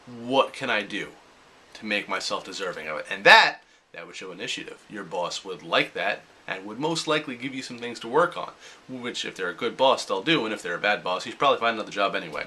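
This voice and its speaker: A man's voice: on the low side, pushed and bright. A young adult man talking casually in a motivational vlog, often acting out his own inner voice. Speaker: vlogger.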